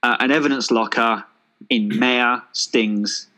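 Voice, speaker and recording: A man, co-hosting a casual chat, pitching a made-up action film with jokey enthusiasm. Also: steady tone, slow pace, pushed and bright, rough recording. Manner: enthusiastic, jokey, thinks aloud with fillers. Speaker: podcast co-host.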